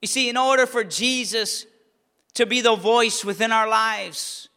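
Pastor, male, high bright tenor, impassioned sermon delivery, reverberant church hall. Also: a little slow, clean tone. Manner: impassioned preaching, rising to near-shouts on key lines.

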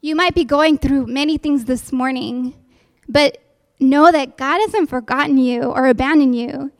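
A woman's voice: high voice, unhurried, no room sound. A woman giving an earnest sermon-style testimony to a congregation, calling out for amens. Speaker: church speaker giving a testimony. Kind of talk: sermon with a recited poem.

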